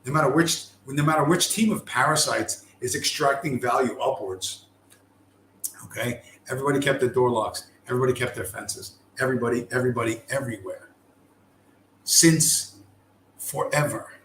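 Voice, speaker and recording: A man's voice: mid-range voice, normal speed, a bit bright. A man delivering a profane, emphatic ranting monologue, hammering his points with repetition and swearing. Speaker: show host. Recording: roomy with faint background noise.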